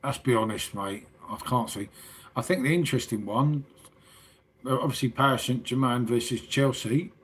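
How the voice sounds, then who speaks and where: A man's voice: mid-range voice, normal speed, slightly rough. A middle-aged English man hosting a casual late-night livestream, chatting with viewers in a matey, sweary way. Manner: matey and sweary, calls everyone mate. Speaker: livestream host.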